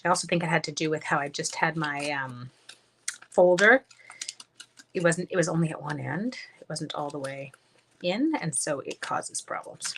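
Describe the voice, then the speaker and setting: A woman's voice: low-pitched, normal speed, long pauses, a bit bright, slight background noise. A woman chatting casually through a live card-making demonstration, thinking aloud and greeting viewers as she works. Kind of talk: casual live crafting demo.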